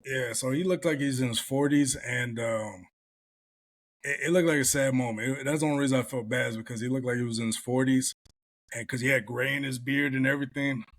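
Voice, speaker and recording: In a casual podcast conversation, the male host spins stories with blunt, profane language. He speaks a little fast, at medium pitch, with a steady tone.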